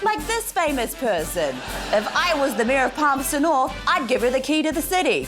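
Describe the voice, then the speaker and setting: A woman with a New Zealand accent, a comedian delivering a brash parody tourism recruitment pitch. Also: very animated, brisk, over music. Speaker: comedian contestant.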